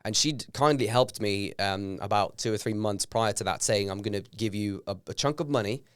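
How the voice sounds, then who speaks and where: Norwegian-born man telling lively stories. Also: lowish voice, moderate pace, clean tone, no room sound, clean studio sound. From Norway. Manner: animated storyteller, acts out quotes. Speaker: guest actor. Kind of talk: casual podcast interview.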